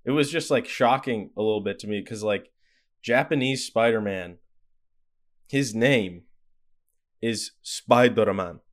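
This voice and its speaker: A young man co-hosting a podcast, chatting casually in a crude, joking way with quick restarts. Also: lowish voice. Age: young adult. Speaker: podcast co-host. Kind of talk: casual chat.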